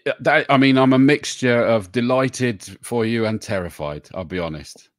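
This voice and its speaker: A man's voice: medium pitch, moderate pace, dry recording, clean studio sound. Jokey man hosting a stream. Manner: jokey, reads out viewer names with greetings. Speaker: host. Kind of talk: casual live-stream chat.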